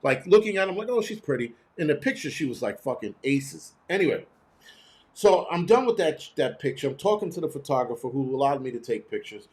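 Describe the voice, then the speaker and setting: A man hosting his own show, telling a story in a blunt, profane, animated way. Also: fairly high pitch, a little fast. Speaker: host. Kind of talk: casual storytelling monologue.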